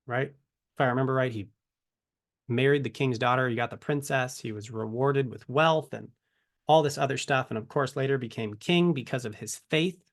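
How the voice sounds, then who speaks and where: A man's voice: mid-range voice, normal speed. A man giving a casual Bible teaching to camera, conversational and full of rhetorical questions. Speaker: ministry teacher.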